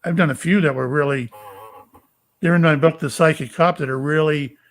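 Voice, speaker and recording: An older man from Florida, a psychic medium and retired police officer, telling stories in a halting, rambling way with many fillers. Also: fairly high pitch, fairly even intonation. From Florida, USA. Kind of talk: casual storytelling interview.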